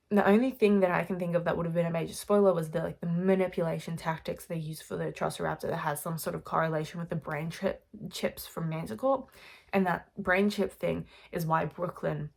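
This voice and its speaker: Young adult woman, reaction vlogger: excitable, rambling delivery in a slightly low register. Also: creaky. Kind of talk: casual reaction vlog.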